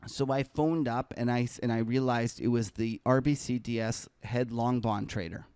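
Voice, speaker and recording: Rambling storytelling man, crisp dry sound. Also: mid-range voice, fairly even intonation, moderate pace, a little mellow, dry recording. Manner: rambling anecdote full of fillers and self-corrections; laughs while telling the story. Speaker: trader and podcast co-host. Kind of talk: casual storytelling.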